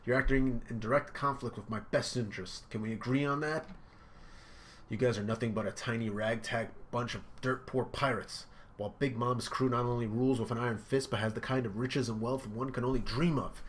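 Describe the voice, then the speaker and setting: A man's voice: medium pitch, steady tone, a little fast, a little hiss or hum, lightly acted. A man reading out the lines of a cold, arrogant young male pirate cook in a scornful tone. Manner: haughty, scornful.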